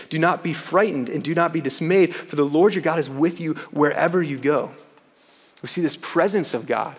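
A man preaching a sermon in a casual, earnest way, often saying "man" and slowing down to read scripture aloud for emphasis. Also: fairly high pitch, husky, in a large hall. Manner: earnest, conversational preaching with frequent "man" interjections.

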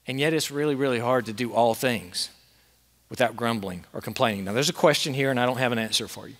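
A man's voice: mid-range voice, quick pace, long reverb tail. A man preaching a sermon as pastor to a congregation in a church, earnest and emphatic, asking the crowd questions. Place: church sanctuary with a masked congregation.

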